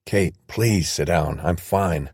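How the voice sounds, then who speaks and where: A man voicing a battle-worn male soldier and team leader who speaks in a measured, understated way. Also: low voice, a little mellow, slightly rough, no room sound, clean studio sound, heavily acted.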